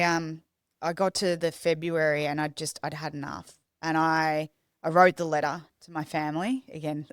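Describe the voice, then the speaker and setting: A young woman with a low voice tells her story as a podcast guest. She speaks in a raw, confessional way and often stops and restarts. The sound is close and dry. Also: clear, resonant tone, no room sound. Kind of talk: candid personal storytelling.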